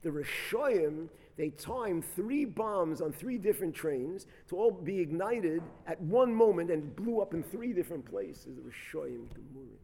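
A man preaching as a rabbi, telling a story with dramatic swings between loud bursts and soft, quiet reflection. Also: a little high, lively intonation, unhurried, creaky, hardly any pauses. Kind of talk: sermon storytelling. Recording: long hall reverb.

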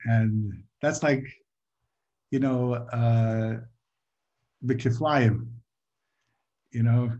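A man giving an informal Torah talk to a group, halting and repeating his words, sometimes asking the audience questions. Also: mid-range voice, steady tone, darkish tone, slight background noise. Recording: muffled lo-fi recording.

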